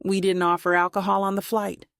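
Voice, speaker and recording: A woman's voice: mid-range voice, level tone, a little fast, vocal fry, a bit bright, no echo, clean studio sound. A woman voicing a flirtatious, confident female character in an audiobook, with a teasing manner.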